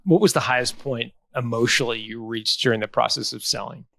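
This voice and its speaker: Gravelly-voiced male podcast host. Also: medium pitch, fairly even intonation, a little fast, a bit bright, no room sound. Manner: direct, probing questions. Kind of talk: interview questions.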